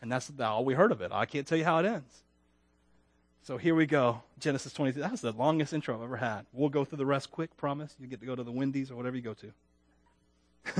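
A man preaching a sermon in a conversational, self-deprecating way, asking the congregation questions, with loud emphatic peaks and quiet dropped endings. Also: medium pitch, fairly quick, no echo, studio quality. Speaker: pastor.

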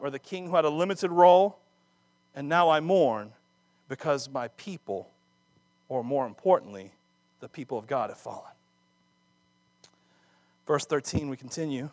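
A man preaching a sermon, acting out scripture dramatically with laughs and quick asides. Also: on the high side, no echo. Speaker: pastor.

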